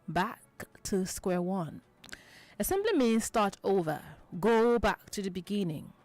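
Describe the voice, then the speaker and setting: On a children's radio show, a woman patiently explains idioms, repeating each point and checking that listeners follow, and she acts out example quotes in lively voices. Her medium-pitched voice is unhurried, with no room sound and soft music in the background.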